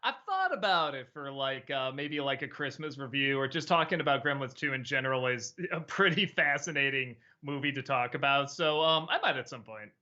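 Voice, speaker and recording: Hesitant man, lively bright voice. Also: mid-range voice, a little fast, hardly any pauses, dull audio. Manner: hesitant, many fillers and restarts, laughs easily. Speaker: host of a live-streamed chat show. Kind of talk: casual live-stream chat answering viewers.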